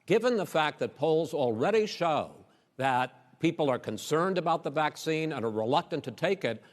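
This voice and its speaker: A man moderating a televised debate, firm and measured as he presses his questions. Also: fairly high pitch, expressive. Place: large debate hall. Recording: long hall reverb.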